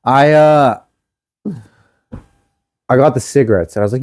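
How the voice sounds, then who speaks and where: Young male co-host, casual storyteller, animated, profane, mid-pitched. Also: normal speed, pauses often. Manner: animated, swears freely, acts out quotes.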